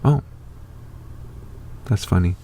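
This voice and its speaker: With slight background noise behind him, a middle-aged online show host talks slowly in a warm tone. His casual monologue rambles, packed with fillers and false starts.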